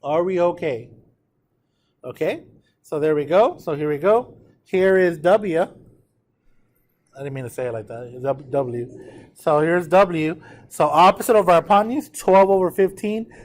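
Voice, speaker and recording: A man's voice: on the high side, sing-song. Chatty man teaching a math class. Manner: chatty, checks in often with class, slows to dictate numbers. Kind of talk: classroom lecture on trig notes.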